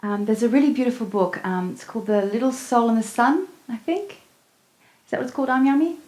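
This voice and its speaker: A woman hosts a meditation evening and tells a spiritual story to a live audience in an event room. Her voice sits fairly high, and she talks casually with um and uh fillers. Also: a little fast, a little mellow.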